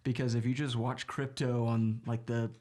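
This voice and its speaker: A man's voice: mid-range voice, flat delivery, normal speed, dark tone. A man co-hosting a podcast who jokes, swears casually and asks follow-up questions in casual chat. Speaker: podcast co-host.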